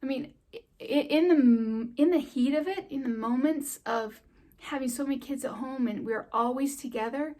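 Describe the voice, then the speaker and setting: A middle-aged woman in a homeschooling vlog, talking straight to the camera in a chatty, heartfelt way. She laughs easily. Her voice sits a little high. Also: normal speed, dark tone. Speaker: homeschool vlogger. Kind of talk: encouraging talk to camera.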